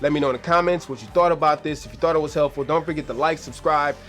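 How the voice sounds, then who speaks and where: Chill slangy guy walking thru an editing tutorial, voice going hoarse, kinda high, soft music behind. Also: racing. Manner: laid-back and slangy, addresses viewers directly. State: hoarse, losing his voice. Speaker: video editing tutorial host. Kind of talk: casual screen-recorded tutorial.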